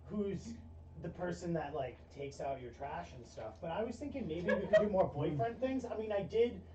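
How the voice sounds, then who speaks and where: A woman's voice: on the low side, expressive, normal speed, crowd noise, lightly acted. A woman voicing a dim, eager young man who is the boyfriend, laid-back and dopey in a tabletop game, recorded distant and roomy through a muffled mic. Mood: earnest.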